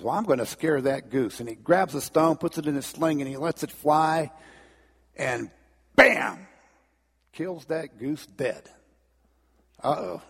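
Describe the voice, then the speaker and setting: A man's voice: a little high, darkish tone, breathy edge. A man preaching a sermon in a folksy, conversational way, in a long church reverb. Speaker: pastor. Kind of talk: sermon with storytelling.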